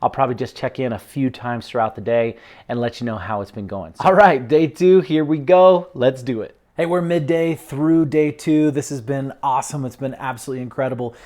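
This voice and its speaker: A man's voice: mid-range voice, brisk, darkish tone. A man talking earnestly and enthusiastically in a casual video diary at home. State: out of breath. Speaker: vlogger.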